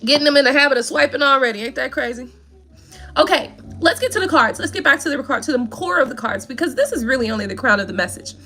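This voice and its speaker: A bright, high-voiced woman reads tarot cards in a loose, chatty way. Her pitch swings up and down as she teases and jokes in slang. Faint music plays behind her. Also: animated, fast talker. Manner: sassy, playful, full of slang. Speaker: tarot reader. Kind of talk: casual tarot reading.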